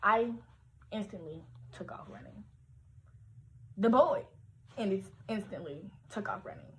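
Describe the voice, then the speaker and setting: A young woman telling a story from her teens on a casual livestream, animated, slangy and full of profanity. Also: mid-range voice, measured pace.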